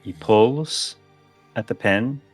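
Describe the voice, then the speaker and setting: A man narrating as game master of a tabletop game, relaxed and describing the scene. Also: mid-range voice, slow, slightly rough, soft background music.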